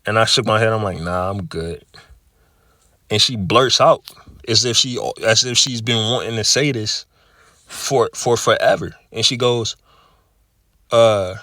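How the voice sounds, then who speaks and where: A man's voice: on the low side, sharp tone, dry recording, clean studio sound. A man giving a casual spoken religious testimony, profane and full of repeated words and fillers like "you know", "man" and "okay". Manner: profane, repeats words and fills with 'you know', 'man', 'okay'. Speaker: religious speaker.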